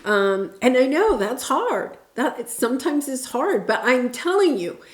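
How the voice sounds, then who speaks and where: A woman's voice: a little high, roomy sound. Earnest chatty woman tarot reader. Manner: chatty, earnest, reassuring, many fillers and restarts. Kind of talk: casual tarot reading to camera.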